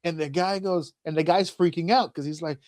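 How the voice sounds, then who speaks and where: His fairly high voice runs a little fast as he trades funny, profanity-laced stories on a casual podcast, acting out the voices himself. No room sound intrudes on the studio-quality audio.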